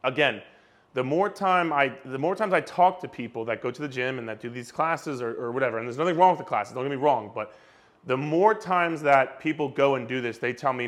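A man's voice: medium pitch, brisk, a bit bright. A young man, a fitness coach, talking emphatically straight to camera, repeating himself and swearing casually. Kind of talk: direct-to-camera fitness rant.

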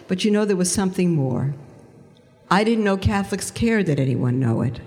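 A woman giving a lively personal testimony talk, storytelling with big swings into quoted voices. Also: on the low side, normal speed. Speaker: speaker giving a conversion testimony. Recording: long hall reverb.

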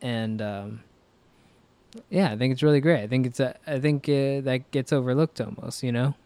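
Smooth-voiced rambling man, dry sound. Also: medium pitch, normal speed, mellow, dry recording. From American South. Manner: rambling, filler-heavy, jokey. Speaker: podcast co-host. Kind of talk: casual chat.

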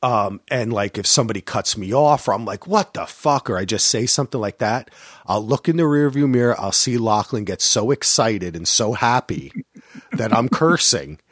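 A middle-aged man co-hosting a casual chat about a movie, telling lively stories and jumping into high voices when he quotes people. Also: normal speed, no echo, clean studio sound. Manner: animated storytelling, jumps to high voices when quoting. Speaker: podcast co-host. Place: lives in Portland, grew up in New Jersey.

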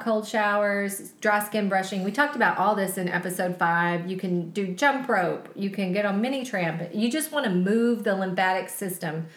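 Chatty woman in her forties, echoey room. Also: medium pitch. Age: 40s. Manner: enthusiastic, chatty. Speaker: podcast co-host. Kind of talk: casual chat.

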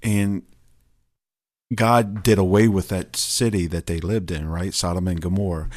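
Low-voiced hesitant man. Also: steady tone, a little slow, a little mellow. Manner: hesitant, many fillers. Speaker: podcast co-host. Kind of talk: casual Bible discussion.

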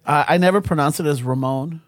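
Animated, lively man. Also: high-pitched, a little fast, no room sound, studio quality. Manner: animated storyteller, switches between English and Spanish. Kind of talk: casual chat.

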